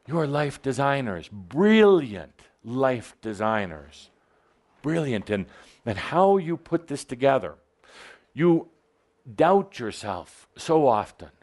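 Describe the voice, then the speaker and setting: A man's voice: medium pitch, a little mellow. A man giving a spiritual channeling talk to a live audience, playful and teasing as he exhorts them.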